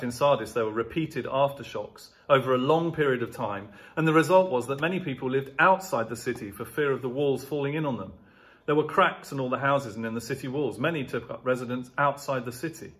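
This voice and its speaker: A pastor preaching a sermon, stressing key words and driving home points through rhetorical repetition. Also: male voice, mid-range voice, fairly bright tone.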